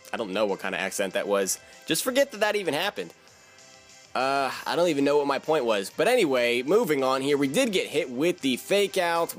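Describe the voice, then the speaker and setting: A man's voice: mid-range voice, fairly bright tone. Casual man commentating a game battle. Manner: thinks aloud, casual, self-deprecating.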